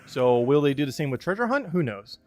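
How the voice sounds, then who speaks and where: A man's voice: on the high side, very animated, brisk, a little mellow. A young man giving casual live-stream commentary on a game, chatty, with frequent laughs and many fillers.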